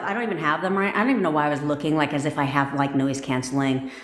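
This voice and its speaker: A woman's voice: low voice, very fast, a bit bright. A woman manifestation coach giving a blunt, profanity-laced pep talk on a live stream. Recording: echoey room.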